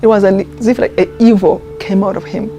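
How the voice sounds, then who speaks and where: A woman, telling a personal story in a documentary interview, earnest and heartfelt, often pausing and restarting. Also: medium pitch, steady tone, warm tone, lo-fi sound, soft background music. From Rwanda. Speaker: interviewee, genocide survivor.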